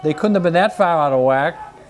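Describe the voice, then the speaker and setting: Male local sports announcer, talkative storyteller, higher voice, restarts his words. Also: brisk, crowd noise. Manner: chatty, storytelling, repeats words when starting. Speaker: sports commentator. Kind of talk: casual booth chat between plays.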